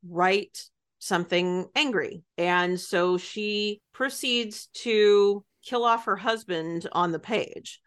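A woman co-hosting a book podcast, chatting casually in a thoughtful, measured way. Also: mid-range voice, fairly bright tone, smooth. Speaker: podcast co-host. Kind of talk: casual chat.

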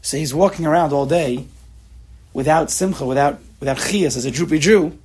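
New york guy in his 40s teaching a torah class, husky gravelly voice, keeps restarting sentences. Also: a little high. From New York area. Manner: animated, restarts often, rapid rhetorical questions. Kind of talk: casual Torah lesson.

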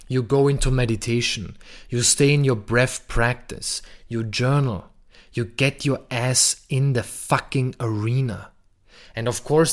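Slow, emphatic man with a blunt delivery. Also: medium pitch. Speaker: podcast host. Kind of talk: monologue on masculinity and relationships.

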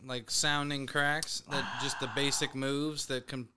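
A man's voice: medium pitch, level tone, unhurried, noisy background. A man co-hosting a podcast, chatting loosely and stoned, rambling with lots of fillers, swearing and laughter. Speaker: podcast co-host. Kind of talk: casual chat.

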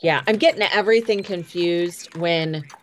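Lower-voiced chatty woman host. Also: moderate pace, a crowd in the background. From Indiana. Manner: chatty, interviewing with follow-up questions. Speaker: podcast host. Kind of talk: casual chat.

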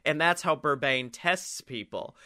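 A man co-hosting a comedy podcast, telling a story in an animated, laughing and profane way. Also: fairly high pitch, a little slow, no echo, clean studio sound. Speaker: podcast co-host.

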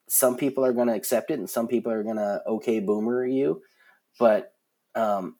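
A man in his forties tells stories as an interview guest, his voice a little husky. He talks in an animated way and restarts his sentences often, filling gaps with "um" and "like". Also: medium pitch. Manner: animated storyteller, many fillers and restarts. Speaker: concert production guest. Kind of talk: casual interview storytelling.

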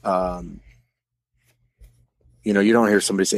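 A man from the American Midwest in a casual discussion, talking in a halting way as he searches for words. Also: lowish voice, steady tone, creaky, no echo.

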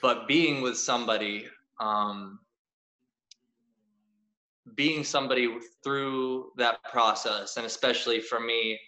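A man with a bright, forceful voice hosts a conversational interview, asking reflective and supportive questions. His voice carries a roomy echo around it. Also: medium pitch, fairly even intonation, slow pace, pauses often. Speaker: podcast host.

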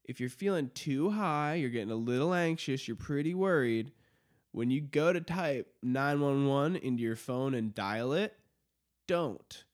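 A man's voice: medium pitch, expressive, measured pace. A man hosting a podcast in casual chat, rambling, swearing freely and often laughing at his own stories. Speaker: podcast host. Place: studio.

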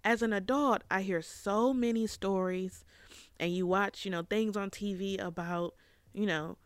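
A woman in her thirties telling a reflective personal story as a podcast host, with fillers and pauses. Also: medium pitch, clear, resonant tone, no echo. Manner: reflective, tearful at times, with fillers.

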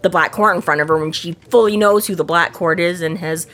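A woman's voice: lowish voice, a little fast. A woman co-hosting a podcast, chatting casually about a book, rambling with many fillers and acting out the characters' lines. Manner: animated, acts out characters' lines. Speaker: podcast co-host.

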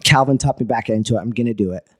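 Talking very fast in a medium-pitched voice, a guest entrepreneur runs through a story in a relaxed, profane way. He's lively and plays out the conversations he's describing.

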